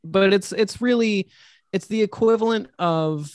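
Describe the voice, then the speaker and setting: A man's voice: sits high, a little slow, dry recording, studio quality. A man, a horror author and podcast guest, telling rambling stories in casual chat and swearing casually.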